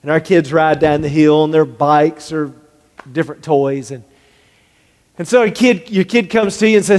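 A male pastor delivering a sermon in an earnest voice that sits high for a man. He acts out the quoted lines of the people he talks about, and his voice carries a long reverb from the big room. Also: normal speed, a little mellow.

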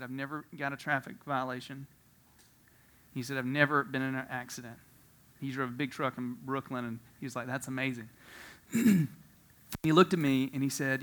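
A man preaching a sermon, telling a story with frequent laughter, swinging from quiet asides to loud emphasis. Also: fairly high pitch. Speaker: pastor.

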